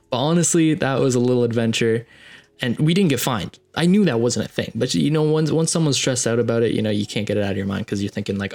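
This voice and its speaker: A man's voice: medium pitch, fast talker, vocal fry. A young man hosting a podcast, telling a story casually with rambling asides and lots of fillers. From Canada, Ontario. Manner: rambling, filler-heavy, animated retelling. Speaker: podcast host.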